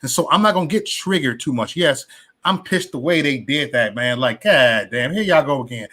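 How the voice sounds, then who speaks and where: Guy ranting on his vlog, bright tense voice, kinda high, preachy, keeps restarting. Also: moderate pace. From West Side of Chicago. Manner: animated, preachy, repetitive restarts, slangy asides. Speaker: political commentator. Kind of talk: casual opinion vlog.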